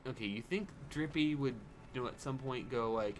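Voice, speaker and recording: A man's voice: mid-range voice, moderate pace, background noise. A man streaming a game, making dry, offhand asides. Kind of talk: gameplay commentary. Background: game music.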